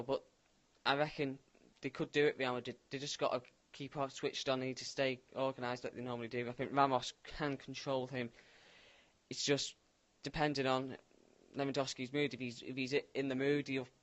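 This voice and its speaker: A man's voice: mid-range voice, a bit bright. Chatty man with tag questions. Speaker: co-host. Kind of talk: casual football chat.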